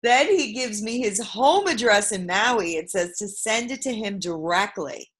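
A woman from Brooklyn, New York, telling a personal story as an interview guest, shifting from loud emphasis to hushed asides. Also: mid-range voice, lively intonation, measured pace. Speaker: guest, author.

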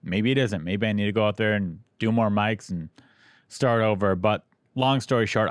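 A male podcast host with a fairly low voice talks in a playful, teasing way. His recording is dry and close-miked, with no room echo at all. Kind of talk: casual chat and read ad.

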